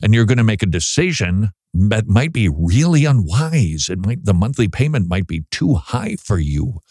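A man's voice: fairly low pitch, sing-song, normal speed, a little mellow, no room sound, studio quality. A man hosting a Christian talk show, chatting casually with wry, self-deprecating humor.

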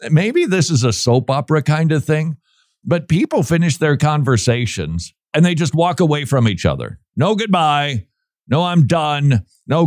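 A man hosts a casual commentary show, sarcastic and quick to laugh. His pitch leaps up and down as he mocks and then turns serious. The recording is close and dry. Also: no room sound. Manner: sarcastic, animated, laughs often. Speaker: podcast host.

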